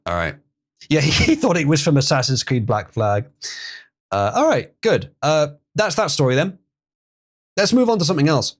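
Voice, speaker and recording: A man's voice: on the high side, sing-song, moderate pace, long pauses. A man hosting a livestream, chatting casually, reading chat messages and laughing often. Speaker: livestream host.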